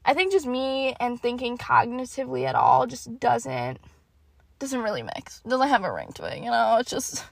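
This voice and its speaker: A young woman with a high voice and a gravelly, fried edge chats on her podcast, laughing at herself as she tells stories and swears freely. She talks into a close mic in a dry, dead room with no echo. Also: normal speed. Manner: animated, self-mocking, swears freely. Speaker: podcast host. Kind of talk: casual storytelling monologue.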